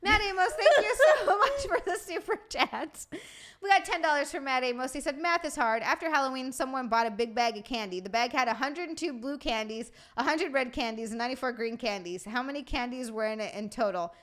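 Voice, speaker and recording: A woman hosting a casual comedy livestream, excitable and swearing as she reads super chats aloud and laughs a lot. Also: high voice, fairly quick. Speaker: streamer and podcast host.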